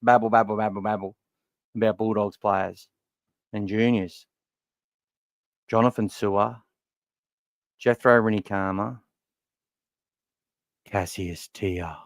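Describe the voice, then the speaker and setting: A man's voice: lowish voice, flat delivery, a little slow, pauses often, no room sound, studio quality. Blunt, sweary Australian man with a worn voice. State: voice worn from talking all day. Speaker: podcast host. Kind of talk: casual fan podcast chat. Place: warm room at home.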